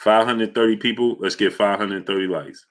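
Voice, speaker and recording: A man from New York runs a casual boxing livestream, greeting viewers by name and answering super chats. His voice sits low yet comes across bright and forceful. He breaks into loud hype bursts between relaxed takes. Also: moderate pace.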